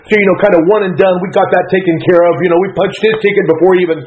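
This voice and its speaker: On a radio broadcast, a middle-aged pastor tells his life story in a folksy, earnest way, constantly correcting himself. His voice is high-pitched and steady in tone, and he speaks very fast. The audio is narrow and tinny with a little hiss or hum.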